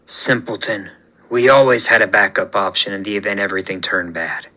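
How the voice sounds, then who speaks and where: A man's voice: fairly low pitch, fairly quick, sharp tone, pitched below the performer's own voice, poor audio. A man voicing a gloating, villainous male president in a menacing, sneering manner.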